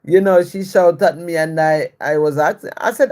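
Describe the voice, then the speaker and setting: A woman's voice: low-pitched, normal speed. A woman hosting a live video, telling a personal story and greeting viewers with blessings. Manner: warm blessings to viewers, repetitive and reflective. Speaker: live-stream host.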